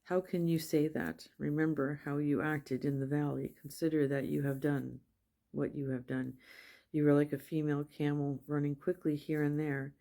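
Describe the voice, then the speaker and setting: A woman reading scripture aloud at a steady pace, with small slips and self-corrections. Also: low voice, normal speed, gravelly. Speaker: Bible reader.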